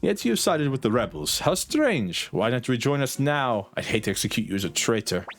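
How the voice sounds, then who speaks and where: A man's voice: medium pitch, sing-song, normal speed, faint music behind. A man voicing a stern, proud older male general in a commanding tone while reading game dialogue.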